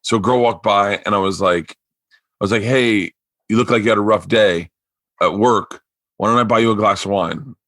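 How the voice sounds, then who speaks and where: Bright-voiced man telling stories. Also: on the low side, normal speed, dry recording. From Florida. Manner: rambling, animated storyteller who acts out quotes. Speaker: podcast host. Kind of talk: casual storytelling chat.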